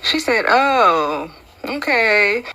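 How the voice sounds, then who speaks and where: A woman telling a funny personal story in a casual, lively way, acting out the quotes. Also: on the high side, drawn-out words, low-quality recording. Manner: lively, laid-back storytelling with acted-out quotes.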